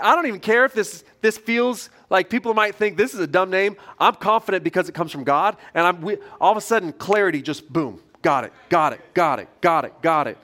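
A man in middle age delivers a sermon from a church stage, his voice sitting fairly high for a man. He talks like he is telling friends a story, letting his volume sink low and then rise again. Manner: conversational storytelling with lively shifts in loudness. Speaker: pastor.

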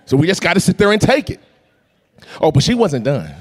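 A man preaching a storytelling sermon, animated and acting out voices and sounds. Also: sits high, fairly quick, husky. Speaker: pastor.

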